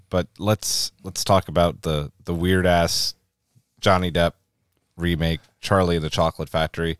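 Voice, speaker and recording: A man's voice: low-pitched, expressive, a little slow, clean tone, dry recording, clean studio sound. A man hosting a podcast, blunt and casual, swearing and steering the talk. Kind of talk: casual chat.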